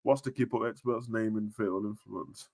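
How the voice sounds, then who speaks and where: A young man chatting casually on a live stream about wrestling, full of slang, jumping between shouting and near-whispers. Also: fairly low pitch, fairly even intonation, moderate pace, creaky.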